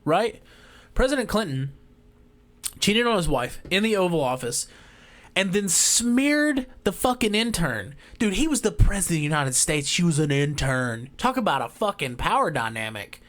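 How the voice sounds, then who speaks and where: Man, vlogger, profane heated rant, loud bursts and mutters. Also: on the high side. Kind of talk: ranting monologue.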